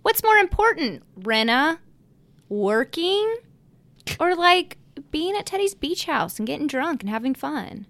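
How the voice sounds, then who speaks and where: A woman hosting a podcast in casual chat, quick and chatty, reading out listener messages. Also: high-pitched, big pitch swings, a bit bright, no room sound. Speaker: podcast host.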